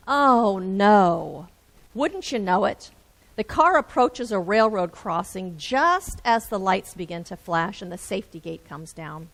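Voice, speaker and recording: A woman minister giving a reflective sermon with gentle, repetitive phrasing. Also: medium pitch, expressive, a little slow, vocal fry, poor audio.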